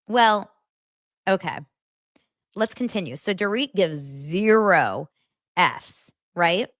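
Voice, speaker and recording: In a dry, clean studio recording, a woman with a voice on the low side hosts a reality TV recap podcast. Her gossip is blunt and animated, peppered with free swearing and quotes acted out in voices.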